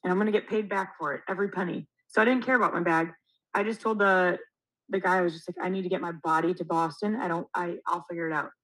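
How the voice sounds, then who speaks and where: A woman's voice: lowish voice, quick pace, low-quality recording. A young woman co-hosting a podcast, telling a story in casual chat, acting out quotes and swearing freely. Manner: animated, acts out quotes, swears. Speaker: podcast co-host.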